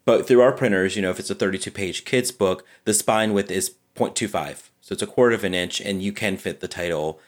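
A man co-hosting a podcast, calmly explaining book cover design in an easygoing way, with many "you know"s and restarts. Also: low voice, brisk, hardly any pauses. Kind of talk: casual explanatory chat.

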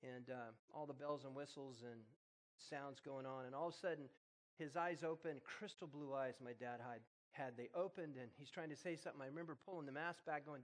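A man's voice: fairly high pitch, fairly quick, fairly bright tone, in a large hall. A man preaching to a church congregation, telling a personal story and then leading an earnest, prayerful altar call. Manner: earnest, prayerful, builds in intensity when moved. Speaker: pastor. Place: church sanctuary.

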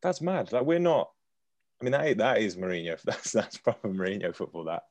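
A man's voice: on the low side, a little fast, a little mellow, no echo. A man hosting a casual football podcast, talking with many restarts and sighs. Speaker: podcast host.

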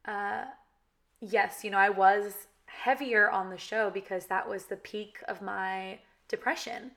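A woman's voice: medium pitch, fairly even intonation, unhurried, gravelly, a bit bright. Young adult woman, valley girl accent, candid chatty talk to camera. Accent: Californian valley girl. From California. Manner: chatty, frequent "you know" and "like". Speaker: reality TV cast member.

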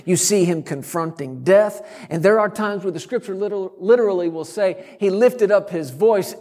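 A middle-aged man preaching a sermon, telling a story and breaking into sudden loud shouts. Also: sits high, moderate pace, long reverb tail. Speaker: guest preacher.

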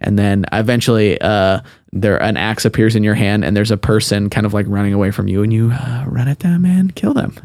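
A man's voice: flat delivery, fairly quick, a little mellow, dry recording, studio quality. A young man chatting casually about video games, rambling with lots of fillers and acting out lines. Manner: rambling, many fillers, acts out game lines in a high voice.

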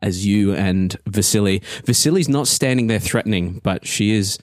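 A man narrating a tabletop game as game master, lively and often laughing. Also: on the low side, moderate pace, no echo, clean studio sound.

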